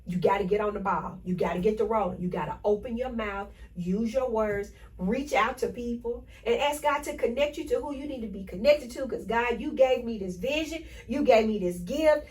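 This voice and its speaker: Woman, podcast host, energetic, preachy, repeats affirmations, fairly high voice, a bit off-mic. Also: normal speed, few pauses, recorded from a distance, low-quality recording. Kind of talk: motivational podcast talk.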